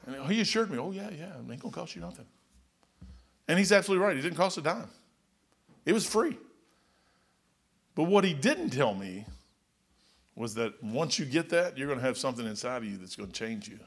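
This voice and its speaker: An older man preaching a folksy, excitable sermon, dropping low and then shouting. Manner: folksy, excitable, swings between murmurs and shouts.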